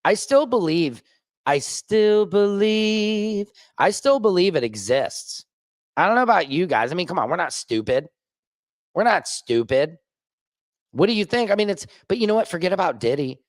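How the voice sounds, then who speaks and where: A man talking straight to camera in a loose, animated rant, with a fairly high voice. His delivery jumps from excited, raised bursts to quick low asides. The sound is close and dry. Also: dry recording. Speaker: independent online journalist. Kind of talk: casual vlog rant. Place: rooftop.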